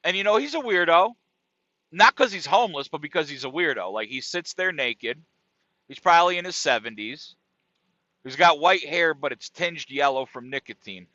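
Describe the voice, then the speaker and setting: Male podcast host, fairly high voice, crisp and forceful, casual profane storytelling, dry muffled mic. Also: moderate pace, dry recording. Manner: animated, profane, keeps checking in with "right?" and "dude". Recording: dry, dull lo-fi sound.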